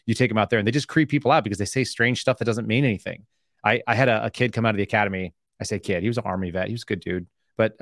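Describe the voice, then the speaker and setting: Fast-talking man telling stories. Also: medium pitch, dry recording, clean studio sound. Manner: animated storyteller, acts out quoted exchanges. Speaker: podcast guest, former FBI agent. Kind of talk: casual podcast conversation.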